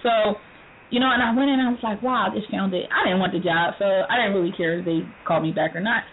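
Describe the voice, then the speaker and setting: A woman hosting a talk radio show, telling stories in a lively way, laughing often and acting out the people she quotes. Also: mid-range voice, fast. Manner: animated storytelling, laughs often, acts out quoted voices. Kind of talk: casual talk radio chat. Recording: phone-line radio with faint noise.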